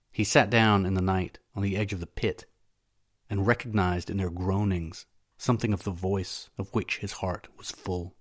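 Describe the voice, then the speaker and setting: Low-voiced man narrating an audiobook. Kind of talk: audiobook narration of a classic novel.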